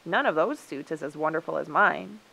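A woman voicing a vain, fussy male coyote in a storybook reading, talking in an excitable, raised way. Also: deep voice, normal speed, gravelly, heavily acted, low-quality recording.

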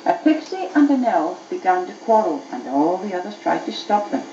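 Mom reading a bedtime story, up and down voice, old echoey tape with hiss. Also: female voice, on the low side, normal speed, lo-fi sound. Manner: expressive storytelling. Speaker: mother reading to her child.

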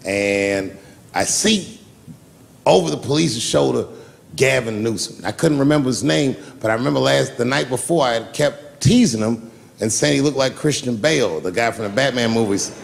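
A man's voice: medium pitch, normal speed, creaky. A man doing stand-up comedy, telling a long story loosely and profanely and acting out the people in it. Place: live comedy stage.

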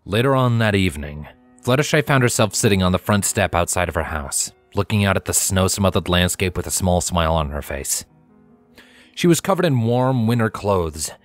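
Man reading a fanfic aloud, low voice, lots of ups and downs, dry sound. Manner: expressive storytelling. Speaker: fanfiction reader. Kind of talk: scripted narration.

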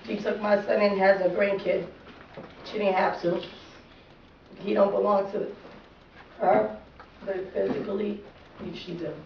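A woman's voice: mid-range voice, fairly even intonation, measured pace, gravelly, pauses often. A woman speaking at a funeral, plain and heartfelt. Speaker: daughter giving a eulogy. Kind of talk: emotional funeral speech. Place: funeral gathering indoors. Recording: distant, roomy, muffled and noisy.

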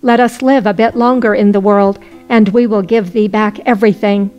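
A woman's voice: mid-range voice, steady tone, normal speed, darkish tone, highs cut off, soft background music, close to an everyday voice. A woman voicing a group of whining, cowardly innkeepers in a folk tale. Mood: begging.

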